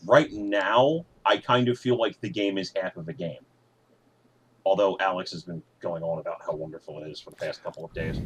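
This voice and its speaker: A man hosting a podcast in casual chat, relaxed and patient when he explains things, swearing offhandedly. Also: deep voice, moderate pace, slight background noise. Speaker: podcast host.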